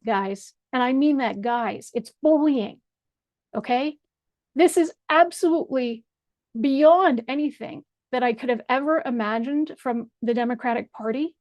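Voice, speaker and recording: High-voiced woman, slow, furious and foul-mouthed, commentator tearing into a politician. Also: a little mellow, no echo. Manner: angry, blunt and profane. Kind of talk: direct-address video rant.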